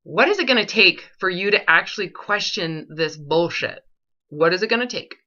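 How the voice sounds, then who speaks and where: Woman, recovery coach: bright voice, blunt and confrontational, swears, keeps pressing questions; dull lo-fi audio. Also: lowish voice, expressive, moderate pace. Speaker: eating disorder recovery coach.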